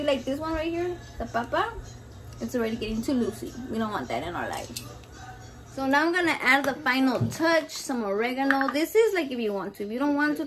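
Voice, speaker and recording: High-voiced, foul-mouthed woman cooking. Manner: swears freely, mixes Spanish and English, jokey and candid. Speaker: cooking vlogger. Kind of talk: casual cooking tutorial. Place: home kitchen.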